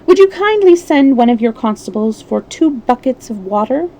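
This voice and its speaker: A woman voicing a confident, theatrical male detective in a measured, showy way. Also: a little high, very animated, warm tone, pitched above the performer's own voice, low-quality recording. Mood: composed.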